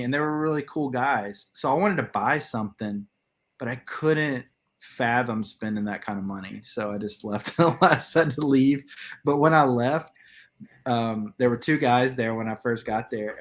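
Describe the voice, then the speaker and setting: A man co-hosting a casual movie podcast in a voice of ordinary pitch. He tells stories with animation and jumps into other people's voices. He laughs often in the middle of his sentences. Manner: animated storytelling, acting out quoted voices. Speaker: podcast co-host. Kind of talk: casual chat.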